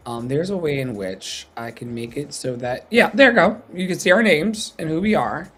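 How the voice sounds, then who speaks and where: A man's voice: a little high, expressive, normal speed, faint music behind. A man hosting a casual livestream chat, playful and joking as he reads from his notes. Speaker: podcast host.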